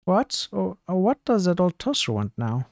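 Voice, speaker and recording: Male streamer voicing a drunk, shifty gent with a squeaky, slurred bluster. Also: big pitch swings, normal speed, vocal fry, darkish tone, no room sound, studio quality, heavily acted. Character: drunken shifty male gentleman, secretly an assassin.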